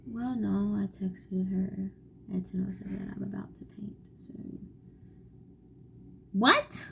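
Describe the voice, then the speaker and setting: A young woman vlogging casually as she paints at home, musing softly and often half-whispering to herself. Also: medium pitch, steady tone, slow, vocal fry, long pauses, slight background noise, low-quality recording. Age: young adult. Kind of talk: casual chat while painting.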